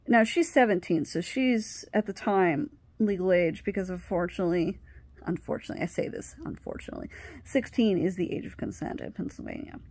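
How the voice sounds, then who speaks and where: Her voice is on the low side, creaky and slightly rough, and she talks a little fast on a dry recording. The vlogger relates a personal story in a casual way, animatedly acting out what people said and often restarting sentences.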